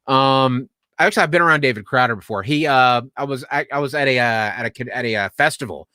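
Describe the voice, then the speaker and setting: A man hosting a podcast livestream, telling a story in a casual, animated way, laughing often and acting out the voices of the people in it. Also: medium pitch, a little fast, clear, resonant tone, no echo, clean studio sound. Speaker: podcast host.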